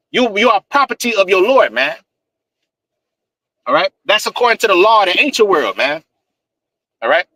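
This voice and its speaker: A man's voice: high-pitched, pushed and bright, no room sound, rough recording. A man preaching scripture in a fiery, profane style, with emphatic repetition and "man" tagged on nearly every line. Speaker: street preacher.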